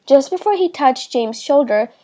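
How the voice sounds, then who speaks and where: A woman's voice: high voice, expressive, normal speed, warm tone. Woman reading a children's book aloud. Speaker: storyteller.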